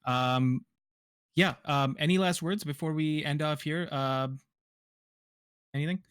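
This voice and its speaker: A man's voice: fairly high pitch, measured pace, fairly bright tone, clean tone, no room sound, studio quality. A man hosting a casual podcast, talking with hesitant ums and restarts. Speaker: podcast host.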